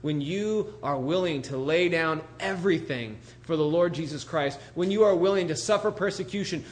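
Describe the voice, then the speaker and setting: A man preaching a sermon as a pastor, animated and full of rhetorical questions, often acting out the voices of others. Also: high-pitched. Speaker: pastor planting a church.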